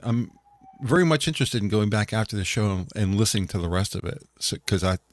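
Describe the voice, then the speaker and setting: Low voiced guy co-hosting a stream, rambly chatty talk, dry close mic. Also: lively intonation, a little fast, no room sound. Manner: rambling, chatty storytelling with many restarts. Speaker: podcast co-host. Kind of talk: casual chat.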